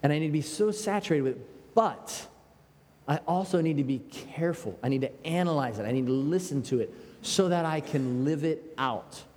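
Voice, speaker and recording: An American man preaching a sermon in a conversational, animated way, with quoted asides. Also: fairly high pitch, moderate pace. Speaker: pastor. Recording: long hall reverb.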